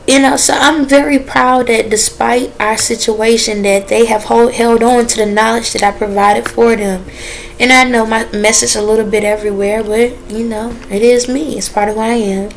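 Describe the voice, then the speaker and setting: A woman with a slightly high voice gives her viewers an earnest, preachy talk. She speaks in relaxed dialect grammar and draws out her phrases. A faint hiss sits under the recording. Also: moderate pace, gravelly, low-quality recording. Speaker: vlogger. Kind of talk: casual direct-to-camera talk.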